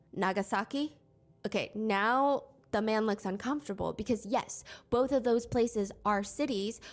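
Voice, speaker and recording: A young woman narrating a commentary video in a conversational, wry tone with incredulous asides. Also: on the high side. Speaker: commentary YouTuber. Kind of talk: storytelling commentary.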